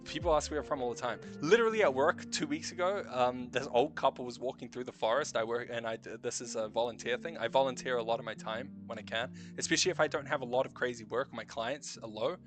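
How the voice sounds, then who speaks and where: A New Zealand streamer with a light Kiwi accent chats casually over music, his mid-range voice quick with few pauses. He rambles, corrects himself, and swears frequently.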